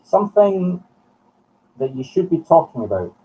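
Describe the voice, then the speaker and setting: A Scottish man working as a medium on a live broadcast, talking in halting short phrases as he thinks aloud. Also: a little high, sing-song, warm tone, slightly rough, distant mic. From Scotland. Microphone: streaming from home. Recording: muffled sound from off the mic.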